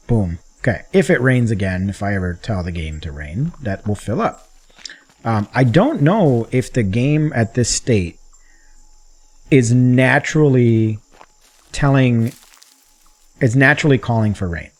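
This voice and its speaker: A man casually talking through his gameplay as a gaming channel host, chatty and rambling, getting excited at times. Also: fairly low pitch.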